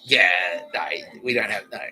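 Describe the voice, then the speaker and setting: A man's voice: lowish voice, moderate pace, bright, forceful tone, soft background music, poor audio. A man hosting a comedy podcast, rambling through a profane monologue and laughing often. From Australia. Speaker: podcast host.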